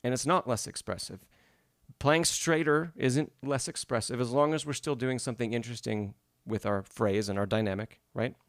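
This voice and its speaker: In studio-quality audio with no room sound, a man with a steady, medium-pitched voice speaks at a moderate pace with few pauses. He offers patient feedback on phrasing in a live-streamed piano masterclass, often checking in with "right?" and "yes?".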